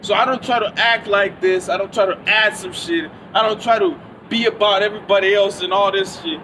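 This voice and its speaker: A man's voice: high-pitched, fairly quick, background noise. A man rambling through a profane, repetitive monologue into his phone outdoors. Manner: profane, rambling, repeats himself.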